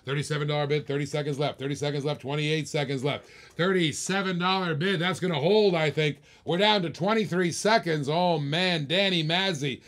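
A man's voice: on the high side, steady tone, brisk, fairly bright tone. A man hosting a live-stream auction, calling bids with playful, teasing, hyped-up patter. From Australia.

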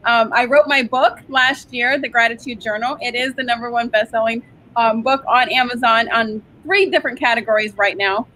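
A woman with a high voice speaks in an upbeat, bright tone as an interview guest. She explains her business in casual talk, often repeating a word as she goes. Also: moderate pace, a little hiss or hum, poor audio.

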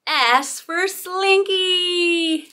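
A woman hosting a toddler phonics lesson, drawing out letter sounds in a slow, sing-song way. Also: very high voice, pushed and bright. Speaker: children's teacher and host.

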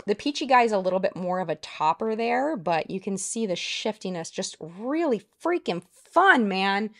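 Excitable female beauty vlogger in her thirties, gushing casual review, mid-range voice. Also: medium pitch.

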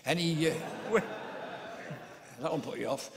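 A man's voice: on the high side, unhurried, vocal fry, background noise. An older man, a comedian, telling rambling comic stories on stage with many stammered restarts. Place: theatre stage. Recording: long hall reverb.

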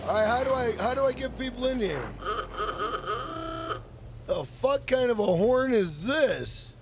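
A young man streaming a game, cursing and ranting at the characters in loose, rambling talk. His voice is very high for a man. Steady noise sits under his commentary. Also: unhurried. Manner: profane, hot-tempered, rambling. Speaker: gaming streamer. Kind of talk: casual let's play commentary.

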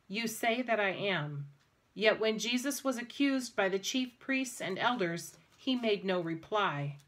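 Woman giving an even scripture reading. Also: mid-range voice. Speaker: scripture reader.

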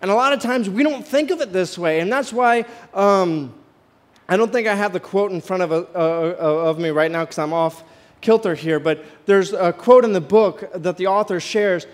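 Male pastor, high voice, chatty sermon style with many restarts, questions for the congregation. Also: normal speed. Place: church sanctuary, walking the aisle.

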